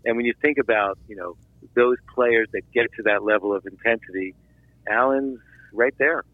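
A man from Philadelphia, a filmmaker guest, telling a long anecdote in an animated interview, with restarts and asides. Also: mid-range voice, normal speed, no room sound, narrow, tinny audio. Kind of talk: storytelling interview.

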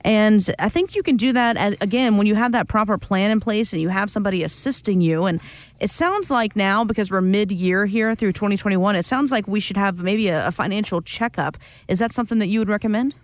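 Upbeat high-voiced male host. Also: brisk, no echo. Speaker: talk show host. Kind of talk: casual chat.

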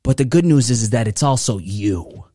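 A man hosting a motivational podcast, speaking in a preachy way that keeps building excitement. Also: mid-range voice, normal speed, no echo, studio quality. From New York. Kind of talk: motivational speech.

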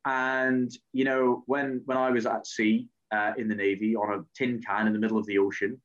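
A man's voice: fairly low pitch, level tone, moderate pace. Earnest man, muffled sound. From Scotland. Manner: hesitant, repeats words, earnest. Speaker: politician. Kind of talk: interview answers.

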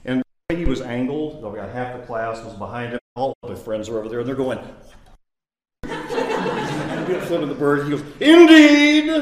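A man in his fifties, a lawyer, giving a conversational lecture that mixes law with personal anecdotes and bursts into high mimicry of his old professor. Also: a little mellow, slight background noise. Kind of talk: lecture with storytelling. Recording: roomy echo.

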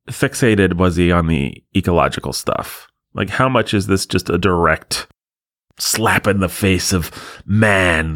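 A man's voice: lowish voice, no echo. A man hosting a podcast alone in a studio, riffing in a sarcastic, self-deprecating, rambling way. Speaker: podcast host.

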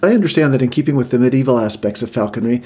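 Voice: mid-range voice, lively intonation, rapid-fire, dark tone, slightly rough. A speaker improvising a mock-serious interviewer asking probing questions in a comedy interview.

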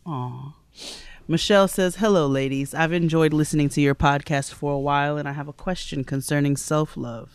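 A woman's voice: deep voice, steady tone, normal speed, smooth, dry recording. Upbeat woman podcast co-host, dry mic. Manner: reads listener letters aloud, upbeat ad delivery. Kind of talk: casual podcast chat and ad read.

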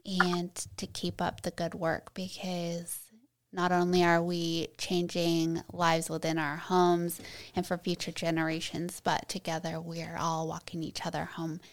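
A woman hosting a podcast, speaking in an earnest, encouraging and deliberate way. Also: on the low side, monotone. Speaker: podcast host. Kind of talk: warm podcast interview.

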